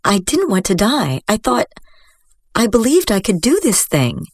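A woman voicing an earnest young girl who killed a dragon, pleading and a little halting. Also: medium pitch, wildly swooping pitch, husky, no room sound, pitched above the performer's own voice, exaggerated voice.

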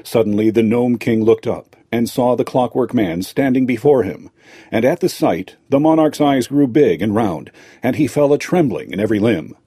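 A man narrating a fairy tale aloud in a lively storytelling manner. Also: mid-range voice, normal speed, slightly rough, dry recording, studio quality.

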